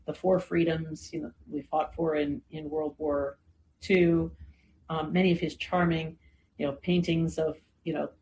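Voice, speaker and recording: Woman, low-ish register, conversational explainer, leans on fillers and tag questions; light background noise. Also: a little mellow, rough recording. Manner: frequent "right?" and "you know" fillers, thoughtful. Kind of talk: conversational lecture.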